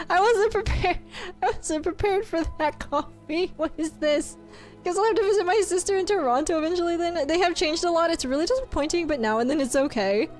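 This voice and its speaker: A woman streamer chatting casually with her viewers, giggling often and reading their messages aloud. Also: sits high. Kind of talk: casual live-stream chat.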